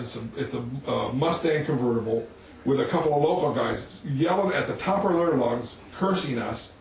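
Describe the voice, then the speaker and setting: Animated storytelling preacher man, echoey. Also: mid-range voice, a little hiss or hum. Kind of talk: sermon storytelling. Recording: echoey room, mic at a distance.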